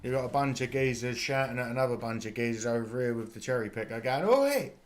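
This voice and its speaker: A man's voice: medium pitch, flat delivery, quick pace. Chatty British male streamer, light music behind. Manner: chatty, laughs often, casual swearing. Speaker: live-stream host. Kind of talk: live watch-party reaction commentary.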